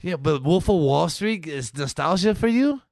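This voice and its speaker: A man co-hosting a casual podcast, talking in a lively way, swearing and laughing often. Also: a little high, moderate pace, gravelly, dry recording, studio quality. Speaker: podcast co-host.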